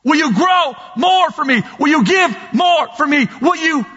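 A man preaching while voicing God, who pleads with the listener to give more, in repeated questions that build to shouts. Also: very high voice, animated, a little slow, pitched above the performer's own voice, heavily acted. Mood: urging. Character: God gently urging a believer to give more. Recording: dull sound with long hall reverb.

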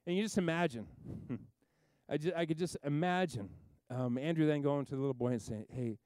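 Guy preaching, tells the story all animated, does little voices for people, smooth clear voice, dry sound. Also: a little high, normal speed, no room sound. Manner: animated storytelling, acts out characters, rambling asides. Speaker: pastor. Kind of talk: sermon.

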